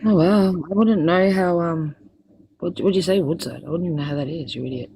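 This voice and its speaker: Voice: medium pitch, fast, vocal fry, dark tone, a little hiss or hum, low-quality recording. A livestream host talking back to viewers, hesitant and full of fillers, scolding at times. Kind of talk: livestream chat.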